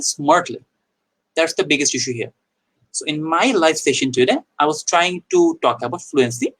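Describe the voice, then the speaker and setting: A man's voice: on the high side, slightly rough, low-quality recording. Bangladeshi man teaching in a live lesson. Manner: explanatory, repeats himself with small restarts and "okay"s. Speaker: English teacher.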